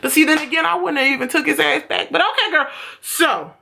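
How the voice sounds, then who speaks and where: Animated young woman recapping a TV episode. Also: high-pitched, brisk, vocal fry. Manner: animated, profane, acts out characters' lines. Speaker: TV show reviewer.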